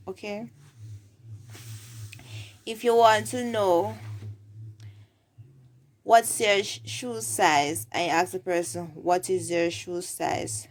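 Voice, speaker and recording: Slow-spoken Jamaican woman teaching phrases. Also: mid-range voice, steady tone. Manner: repeats each example phrase twice. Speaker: language teacher.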